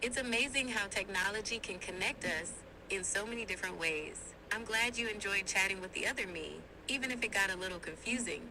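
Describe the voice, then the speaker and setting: A woman's voice: mid-range voice, a little fast. A synthetic woman's voice of an AI assistant, chatting in an upbeat, friendly and polite way, played over a phone speaker. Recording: phone speaker with background noise.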